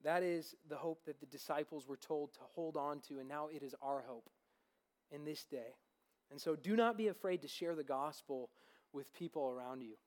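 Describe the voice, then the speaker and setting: A man's voice: fairly high pitch, moderate pace, a little mellow. A young man preaching a sermon as pastor, earnest and growing fervent. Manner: earnest, building to fervent enthusiasm.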